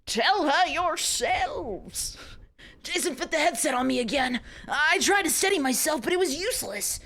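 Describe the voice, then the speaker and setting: A young woman with a high, very lively voice reads spicy fiction aloud to her stream. She keeps breaking off to giggle and say sorry, and her pitch swoops up and down as she goes. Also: brisk, gravelly.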